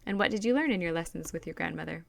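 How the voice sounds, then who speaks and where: A stern middle-aged emperor questions his daughter in a measured, probing manner, voiced by a woman reading a storybook. The voice sits low with a gravelly edge, and the sound is close and dry. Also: animated, no echo.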